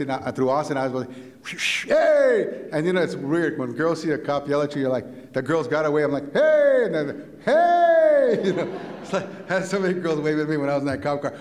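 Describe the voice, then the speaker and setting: A middle-aged man telling a story to an audience, animated and laughing, acting out other people's voices. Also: fairly high pitch. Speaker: visiting writer giving a talk. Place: large hall. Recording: long hall reverb.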